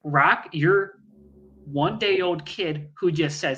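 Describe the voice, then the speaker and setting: A man's voice: mid-range voice, normal speed, a bit bright, muffled recording. A man co-hosting a fantasy football podcast, joking and blunt in casual chat, swearing freely. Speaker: podcast co-host.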